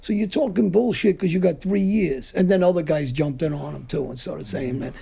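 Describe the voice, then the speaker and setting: A man's voice: sits high, moderate pace, mellow, a little hiss or hum. A man casually telling jail stories on a podcast, with tough street talk. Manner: gravelly, raspy, tough street talk with cursing. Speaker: podcast host. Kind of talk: casual storytelling chat.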